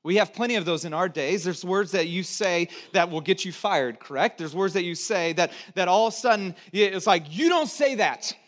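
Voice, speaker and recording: Preaching in a church, a middle-aged pastor from the United States speaks a little fast with few pauses, keeping it conversational, asking listeners to echo words, and adding humorous asides. He alternates between booming emphasis and soft, low delivery.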